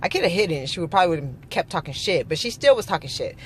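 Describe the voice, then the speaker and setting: A woman's voice: fairly low pitch, very animated, quick pace, husky. A woman from California, a mother, telling a story in a heated, profane vlog rant, quoting people back and forth. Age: adult mother. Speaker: vlogger.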